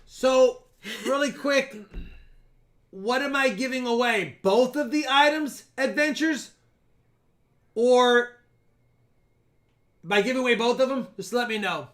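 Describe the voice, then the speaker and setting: A man with a high, bright voice hosts a casual live stream. He jokes loudly with his viewers and counts down giveaways with playful energy. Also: unhurried, pauses often.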